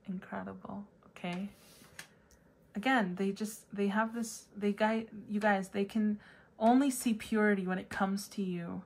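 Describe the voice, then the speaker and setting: Chatty woman giving a tarot reading. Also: normal speed. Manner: chatty, bursts into high excited squeals. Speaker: tarot reader. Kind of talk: casual pick-a-card tarot reading.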